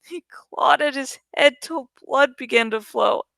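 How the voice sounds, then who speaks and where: A woman reading a novel aloud in first-person audiobook narration, slow and deliberate. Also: high-pitched, creaky, sharp tone, no room sound. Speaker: audiobook reader.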